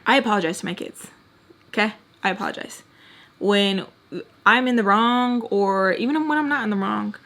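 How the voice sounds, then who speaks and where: A woman's voice: medium pitch, fairly bright tone. A young adult woman telling a storytime on camera while doing her makeup, rambling and venting emotionally straight to her viewers. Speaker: storytime vlogger.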